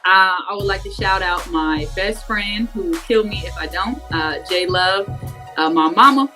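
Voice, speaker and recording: A woman basketball coach talks casually and upbeat as a guest. Her voice is bright and forward, with faint music underneath. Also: mid-range voice, normal speed. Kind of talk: casual interview.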